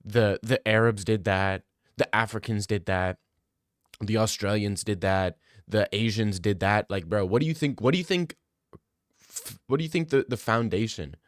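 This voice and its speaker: A young man streaming and chatting casually with viewers. He talks in excited, fast bursts and often repeats himself. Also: fairly low pitch, dry recording, studio quality.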